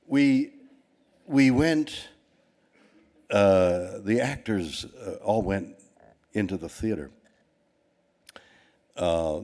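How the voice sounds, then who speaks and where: A man's voice: low voice, darkish tone. An older Canadian man telling a rambling anecdote to an audience, with many restarts and quoted voices. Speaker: award recipient giving a speech.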